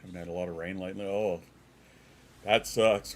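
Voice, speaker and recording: Stuffy-voiced man with a deep voice. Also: steady tone, normal speed. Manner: rambling, swears, answers chat. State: congested. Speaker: streamer. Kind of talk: casual stream chat.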